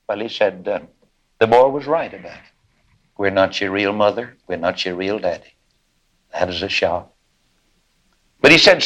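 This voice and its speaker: A man preaching a sermon, telling a folksy story and acting out its voices, then rising into high, loud, drawn-out climaxes. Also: lively intonation, poor audio.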